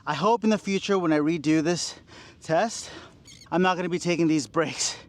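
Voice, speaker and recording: A man's voice: a little high, normal speed, low-quality recording. Breathless man in his forties vlogging a workout. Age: 40s. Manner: self-deprecating, encouraging himself, sighs and laughs between sets. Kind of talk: workout vlog talking to camera. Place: outdoors at a beach.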